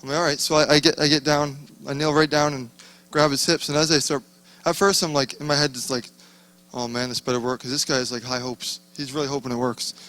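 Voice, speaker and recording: A man's voice: medium pitch, steady tone, fast, pushed and bright. A man sharing a casual testimony in a rambling, self-interrupting way, often breaking off mid-sentence. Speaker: conference attendee sharing a testimony.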